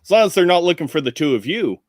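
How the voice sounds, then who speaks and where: A man running a tabletop role-playing game, talking in a relaxed, rambling way with many fillers and laughs. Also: fairly high pitch, fast talker, no room sound, clean studio sound. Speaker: game master.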